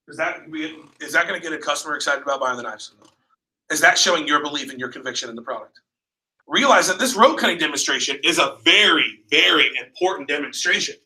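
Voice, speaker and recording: A man runs a sales training seminar in a training room, speaking energetically and quizzing his group with questions. His voice is on the high side, expressive, bright and forceful, and he talks quickly. The room is echoey and the mic is placed far off.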